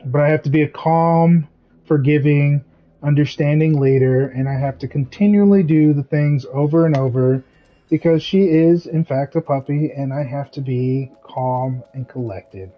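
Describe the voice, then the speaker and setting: A man streaming a game, chatting casually in a rambling, animated ranting way. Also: fairly high pitch, normal speed, muffled recording. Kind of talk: casual chat while gaming.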